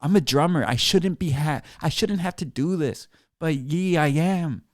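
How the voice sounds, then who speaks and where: A man's voice: fairly high pitch, moderate pace, dry recording. A man, a drummer, ranting to his viewers in a profane, sarcastic streamed monologue from a small studio room. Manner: heated, mocking, swears a lot. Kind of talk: profane sarcastic rant to camera. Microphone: computer mic while seated.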